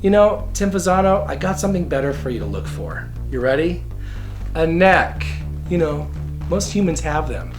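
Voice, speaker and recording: A man's voice: fairly high pitch, lively intonation, normal speed, faint music behind. A man hosting a comedic video commentary show, talking in a sassy, catty, campy way. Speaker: show host.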